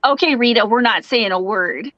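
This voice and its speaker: A woman hosting a live crochet show, chatting casually, going off on quick asides and reading viewer comments aloud. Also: a little high, dry recording, dull audio. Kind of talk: casual chat on a live video call.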